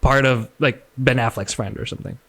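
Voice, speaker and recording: A man's voice: medium pitch, fairly even intonation, fairly quick, fairly bright tone. A man co-hosting a podcast, chatty and teasing with his guest. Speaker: podcast co-host. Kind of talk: casual podcast chat.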